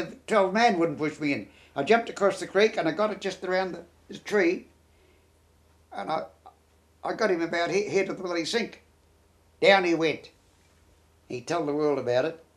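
Older New Zealand man, raised-pitch voice, blunt rambling recollection for an oral history. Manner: blunt, rambling, peppered with "bloody". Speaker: war veteran.

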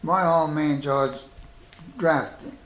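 An older New Zealand man, a veteran, shares his wartime memories for an oral history, voicing both people in each exchange. His voice sits a little high and fairly bright, with even intonation and a slow pace, and the recording has a roomy echo.

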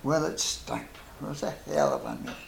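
A man's voice: medium pitch, huge pitch swings, normal speed, gravelly, slight background noise. An older man with a New Zealand accent, telling wartime stories as a veteran and acting out both sides of each conversation. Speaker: veteran interviewee. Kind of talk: oral history storytelling. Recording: roomy echo.

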